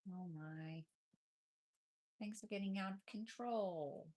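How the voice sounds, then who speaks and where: A woman's voice: mid-range voice, takes it slowly, warm tone. A woman hosting a cozy crochet live stream at home, chatting casually and cooing to her cats in baby talk. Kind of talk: relaxed live-stream chat. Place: home craft corner with cats.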